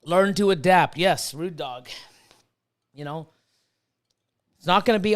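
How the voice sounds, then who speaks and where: A man's voice: high voice, measured pace, long pauses, fairly bright tone. Profane ranting fifty-year-old man. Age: 50s. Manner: profane, ranting, reads chat aloud. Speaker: livestream host and snake breeder. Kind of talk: casual livestream chat.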